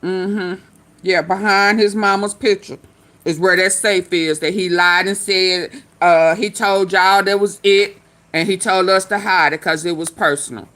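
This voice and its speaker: A woman's voice: medium pitch, steady tone, measured pace, a bit bright. A woman hosting a casual commentary show, sassy and teasing, laughing as she talks. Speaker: host.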